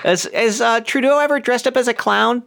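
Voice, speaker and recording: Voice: medium pitch, brisk, creaky, fairly bright tone. A podcast host in casual chat, rambling with lots of hesitations and frequent giggles.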